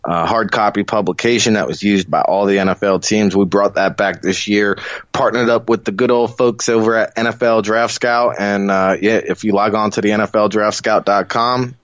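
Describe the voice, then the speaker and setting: A man's voice: on the low side, fairly even intonation, normal speed, dry recording. A man with a New Jersey accent, a guest analyst talking eagerly in a rambling casual way, peppered with "you know". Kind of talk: casual interview talk. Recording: dull lo-fi remote line.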